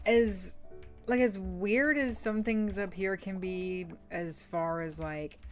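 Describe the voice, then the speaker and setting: Young woman streamer, lower voice, chatty rambler. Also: darkish tone. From southern United States. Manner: chatty, rambling storyteller with frequent fillers. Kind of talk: casual chat while gaming.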